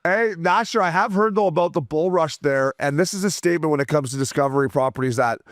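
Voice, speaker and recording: A man with a slightly higher voice and a dry, close sound. He hosts a loose podcast chat full of crude jokes and teasing. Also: quick pace, dry recording. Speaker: podcast host.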